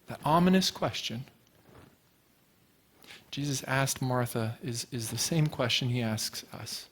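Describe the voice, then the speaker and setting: A man's voice: medium pitch, a little slow, pauses often, a bit bright. A man preaching a sermon to his congregation in a casual, storytelling way, asking rhetorical questions and using everyday fillers. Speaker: pastor. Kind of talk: conversational sermon. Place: church sanctuary before a congregation.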